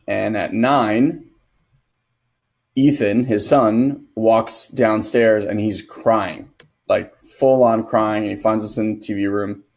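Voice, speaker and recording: A man's voice: on the low side, gravelly, darkish tone. A man who is a father, co-hosting a casual coaching podcast and earnestly telling a personal story. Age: adult, a father. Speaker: co-host and transformation coach.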